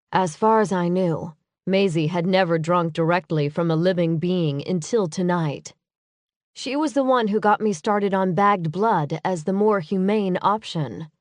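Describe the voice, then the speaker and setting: A woman narrating a first-person urban fantasy audiobook in a measured, earnest way. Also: lowish voice, darkish tone, no echo.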